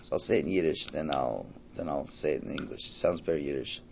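Gravelly-voiced man telling Hasidic stories. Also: very deep voice, quick pace, a little hiss or hum. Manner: storytelling, conversational, quotes characters. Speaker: rabbi teaching a class. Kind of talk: Torah class with Hasidic stories.

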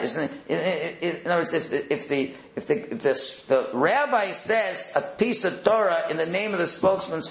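Guy teaching talmud class, kinda high gravelly voice, echoey room, restarts a lot, terms. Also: fairly bright tone, slight background noise. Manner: conversational, repeats and restarts, mixes Hebrew and Aramaic terms.

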